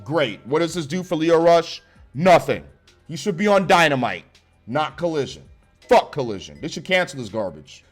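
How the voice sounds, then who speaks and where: Male reviewer, higher-pitched voice, sarcastic and profane, faint music underneath. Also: sing-song, normal speed. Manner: blunt, sarcastic, swears heavily. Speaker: wrestling show reviewer.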